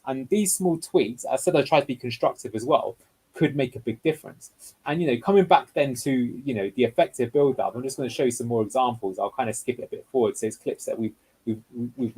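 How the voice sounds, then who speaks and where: A husky-voiced man talks through match footage as a guest analyst. He explains each passage of play step by step, in a mid-range voice, for a tactical video breakdown. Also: mid-range voice, animated, brisk, darkish tone, poor audio.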